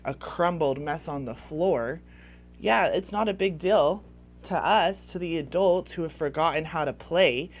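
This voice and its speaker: A woman's voice: on the low side, phone-quality sound, slight background noise. A woman coaching parents in casual advice talk, chatty and full of "like" fillers. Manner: chatty, heavy use of "like" fillers.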